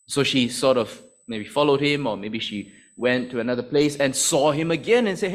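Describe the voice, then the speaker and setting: A man's voice: fairly high pitch, a little fast, few pauses, a bit bright. A man preaching a sermon in a conversational, explanatory way with many asides.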